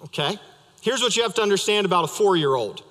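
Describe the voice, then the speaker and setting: A man's voice: high-pitched, animated, quick pace, fairly bright tone. A young adult male pastor preaching a sermon, conversational and storytelling with light humor, in a church sanctuary. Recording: reverberant church hall.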